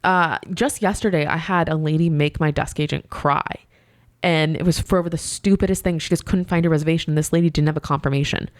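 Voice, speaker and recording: A young woman with a somewhat low voice swaps work stories on a podcast, venting in a lively way and playing out both sides of each exchange. The sound is close and dry, with no room around it. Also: brisk, dry recording. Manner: animated venting storyteller who acts out exchanges. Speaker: hotel front desk manager, podcast co-host. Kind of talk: casual podcast chat.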